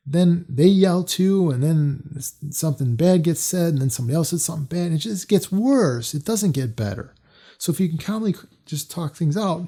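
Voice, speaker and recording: Man, casual storytelling, mellow dark tone, rambling with fillers, middle-aged. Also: fairly high pitch. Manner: rambling, many fillers and restarts.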